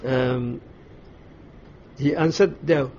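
A Bible teacher leads a study, working through a passage in a measured, explanatory way and pausing and restarting as he thinks. His mid-pitched, slightly mellow voice has fairly even intonation and comes through a slightly dull recording with faint background noise.

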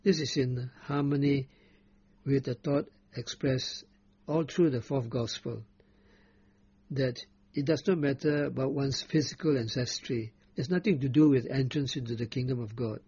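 A man preaching a Bible teaching sermon, reading scripture slowly and deliberately and stressing the quoted verses. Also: mid-range voice, steady tone, mellow, breathy edge, no echo. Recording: muffled lo-fi recording.

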